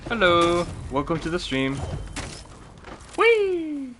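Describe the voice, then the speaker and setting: A man's voice: mid-range voice, moderate pace, fairly bright tone. A man streaming a video game, chatting casually and goofily with viewers and laughing often. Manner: giggly and goofy, laughs often. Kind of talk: casual live-stream chat while gaming. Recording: clear background noise.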